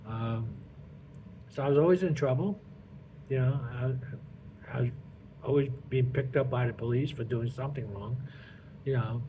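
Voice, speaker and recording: A middle-aged man, a pastor, telling his life story in a halting way, repeating words and saying "you know" all the time. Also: mid-range voice, warm tone. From Brooklyn, New York. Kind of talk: personal testimony. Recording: tinny phone-like line with clear noise.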